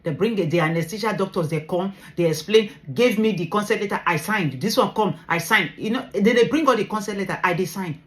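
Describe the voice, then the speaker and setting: A woman's voice: mid-range voice, fairly quick, few pauses. A Nigerian woman in a vlog, earnestly retelling a personal story with emotion, mixing English and pidgin. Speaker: vlogger sharing her medical story.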